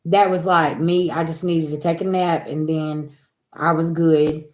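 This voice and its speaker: A woman chatting casually with her viewers as a spiritual reader, animated and venting, swearing freely and calling them y'all. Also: sits low, measured pace. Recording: roomy echo.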